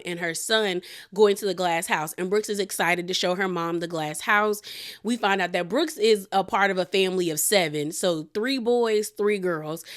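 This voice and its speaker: A woman's voice: medium pitch, a bit bright. A woman giving a casual, chatty recap of a reality TV episode, retelling scenes with quoted lines and lots of "like".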